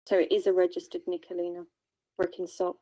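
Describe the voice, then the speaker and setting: A woman's voice: lowish voice, monotone, fast talker, warm tone, low-quality recording. A woman hosting casual livestream commentary, blunt and confrontational, swearing freely. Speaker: livestream host.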